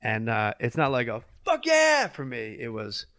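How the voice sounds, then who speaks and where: A man's voice: on the low side, steady tone, normal speed, fairly bright tone, clear, resonant tone, no echo, studio quality. A middle-aged man from New Jersey, a comedian guest, telling a long story and acting out the voices of the people in it. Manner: acts out voices in his stories, swears freely. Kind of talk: animated storytelling.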